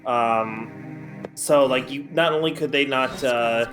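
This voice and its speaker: A man co-hosting a game stream, chatting casually in halting speech full of fillers. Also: mid-range voice, music in the background, low-quality recording. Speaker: co-host. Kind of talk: casual chat.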